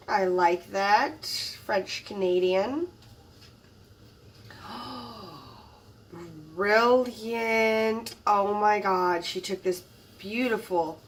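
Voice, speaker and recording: A woman hosting a crafting channel, narrating an unboxing in a casual, gushing way, admiring each item with soft exclamations. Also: mid-range voice, recorded from a distance.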